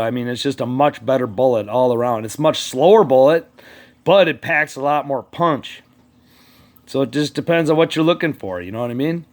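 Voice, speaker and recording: A man ranting casually to his channel's viewers, rambling and swearing as he talks straight to politicians who aren't there. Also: a little high. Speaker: vlogger. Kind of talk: casual rant to camera.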